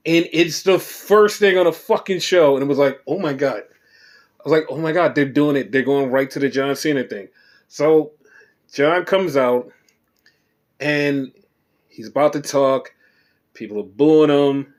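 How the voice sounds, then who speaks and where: Animated, profane podcast host, a man. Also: a little high, measured pace, pauses often. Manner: animated, profane, reenacts quotes. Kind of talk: solo wrestling recap podcast.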